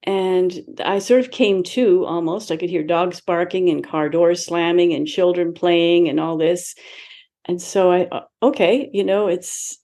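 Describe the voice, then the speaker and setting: A woman's voice: on the low side, a little slow, mellow. A woman in her seventies, a guest in an interview, telling a personal story in a reflective way, acting out past conversations and laughing lightly now and then. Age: 70s. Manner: reflective, acts out her own past dialogue, laughs lightly between remarks.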